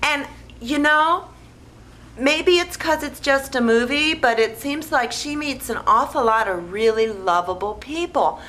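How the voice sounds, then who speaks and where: A woman retelling a movie plot in a rambling, deadpan, naive way, with lots of "like" and "you know". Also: sits high, a little slow, poor audio. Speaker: movie recapper.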